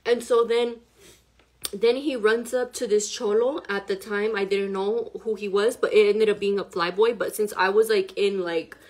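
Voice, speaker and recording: A woman's voice: mid-range voice, steady tone, moderate pace, darkish tone. A shaken, upset woman telling a personal story to camera in a rambling way, full of "like" and swearing. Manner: rambling, heavy use of "like" and profanity, agitated.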